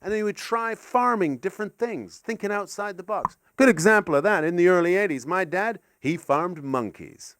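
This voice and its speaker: A man's voice: high voice, moderate pace, hardly any pauses, fairly bright tone, no echo. A man from Canada doing stand-up at a live venue, rambling and self-mocking through absurd stories on a handheld mic. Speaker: stand-up comedian. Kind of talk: stand-up set.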